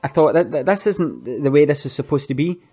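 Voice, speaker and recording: Brief: man voicing an anxious event organiser, slightly high, stammering, apologetic. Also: animated, a little fast, dark tone, slightly rough, faint music behind. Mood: rueful. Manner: stammering, repeats words, earnest and apologetic. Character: anxious, flustered middle-aged male community event organiser. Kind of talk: comic monologue.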